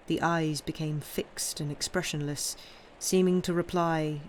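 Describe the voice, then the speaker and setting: A woman narrating a classic novel live in a slow, measured reading voice. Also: deep voice, steady tone, a little hiss or hum. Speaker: audiobook reader. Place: home streaming setup.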